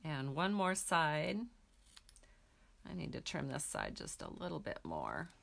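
Bright, chatty woman teaching a craft. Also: low voice, wildly swooping pitch, unhurried, creaky. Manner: chatty, talks to viewers while working. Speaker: stamping craft demonstrator. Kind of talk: casual craft tutorial.

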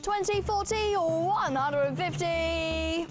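A woman's voice: very high-pitched, slow pace. A woman co-hosting a TV game show live, playful with dry quips. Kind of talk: live TV presenting over music. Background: background music.

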